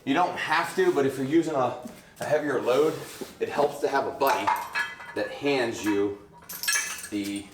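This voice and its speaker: A man's voice: medium pitch, measured pace, long pauses, background noise. A man, a fitness trainer, coaching a workout in his home gym, counting reps and cueing form as he lifts. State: out of breath. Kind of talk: workout instruction. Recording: roomy echo, music behind.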